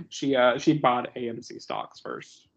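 A man's voice: mid-range voice, sing-song, slow, creaky. A young man co-hosting a podcast, rambling and mocking in a casual chat full of fillers. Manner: rambling, mocking, many fillers, laughs often. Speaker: podcast co-host. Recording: dull lo-fi recording.

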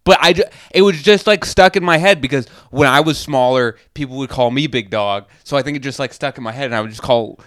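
A man's voice: mid-range voice, fast, hardly any pauses, no room sound, clean studio sound. A man from Massachusetts co-hosting a podcast, rambling through casual chat with self-mocking jokes and free swearing. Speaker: podcast co-host. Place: podcast studio.

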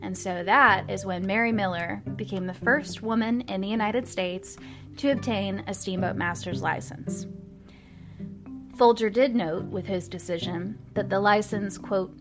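A woman's voice: medium pitch, measured pace, over music. Chatty woman host telling history. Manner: chatty, wry asides with ums. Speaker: podcast host. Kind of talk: casual storytelling narration.

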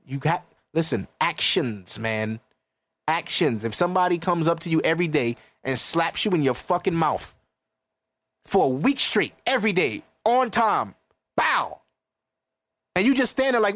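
Man, early 30s, podcast host, higher-pitched voice, profane and emphatic. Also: lively intonation, normal speed, fairly bright tone, no room sound. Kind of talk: casual podcast rant.

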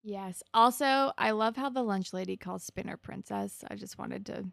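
A woman's voice: medium pitch, moderate pace, gravelly, dry recording, clean studio sound. A young woman co-hosting a casual recap podcast, retelling scenes with laughs and the odd swear. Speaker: podcast co-host.

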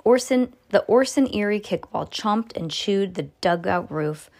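A woman reading a children's adventure book aloud at home, with lively, expressive reading and occasional stumbles she corrects herself. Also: measured pace. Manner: expressive read-aloud with pitch jumps for dialogue; casual asides about the book. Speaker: reader.

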